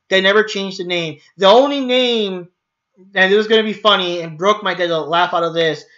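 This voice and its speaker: Bright-voiced man ranting on a stream. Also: high-pitched, muffled recording. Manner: rambling, swearing, frequent fillers and restarts. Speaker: channel host. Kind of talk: casual livestream rant.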